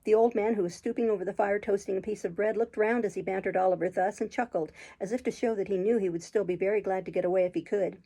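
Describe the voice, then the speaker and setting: A woman reading a classic novel aloud as an audiobook, in a steady, measured storytelling manner. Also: medium pitch, slightly rough, low-quality recording. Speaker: audiobook reader, channel host.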